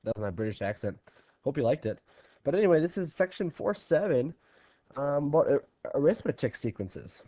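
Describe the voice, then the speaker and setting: A man's voice: on the high side, very animated, moderate pace, mellow, no room sound. A man teaching a recorded math lesson in a casual way, talking through problems step by step. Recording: dry, slightly dull lo-fi recording.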